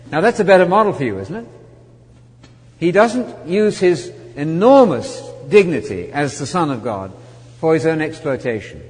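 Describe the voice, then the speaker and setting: Guy preaching a bible study, slightly high voice, punchy then quiet, big echoey hall. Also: big pitch swings, normal speed, faint music behind. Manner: emphatic, rhetorical questions, wide swings in loudness. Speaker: Bible teacher. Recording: long hall reverb.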